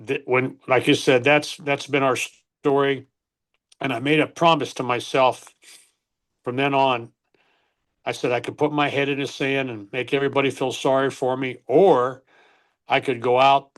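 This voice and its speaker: An older man, a former baseball coach, earnestly telling an emotional personal story in an interview, often stopping to correct himself. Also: medium pitch.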